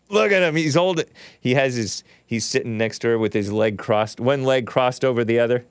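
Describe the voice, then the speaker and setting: A man's voice: medium pitch, expressive, brisk, clean tone, no echo. A man hosting a podcast, reading out screenshots with mocking commentary, swinging his voice up and down theatrically and chuckling at his own remarks. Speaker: host.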